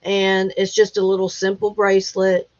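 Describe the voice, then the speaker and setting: A woman hosting a casual livestream chat, talking in an emotional, halting way as she fights back tears. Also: medium pitch, completely flat delivery, darkish tone. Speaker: livestream host. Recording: dull lo-fi livestream audio.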